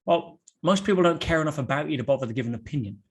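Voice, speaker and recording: A man talking as a guest on a podcast, telling stories in an animated way with rhetorical questions and quick restarts. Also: a little high, slightly rough. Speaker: podcast guest, motivational speaker. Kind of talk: podcast conversation.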